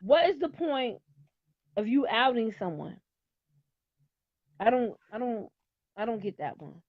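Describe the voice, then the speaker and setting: A woman's voice: a little high, big pitch swings, measured pace, dry recording, highs cut off. A middle-aged woman in casual chat, talking in a blunt, outspoken and emphatic way.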